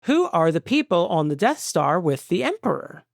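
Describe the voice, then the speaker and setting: Goofy, gravelly male podcast host. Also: high-pitched, big pitch swings, normal speed, no room sound, studio quality. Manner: goofy, riffing, scatting nonsense. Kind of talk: casual chat.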